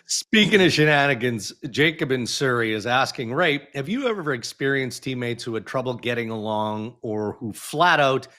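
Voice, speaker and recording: A man's voice: mid-range voice, animated, normal speed, hardly any pauses, pushed and bright. A man hosting a casual sports podcast, reading ads and listener questions with a wry laugh. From Canada. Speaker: podcast host. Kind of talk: casual sports chat and ad reads.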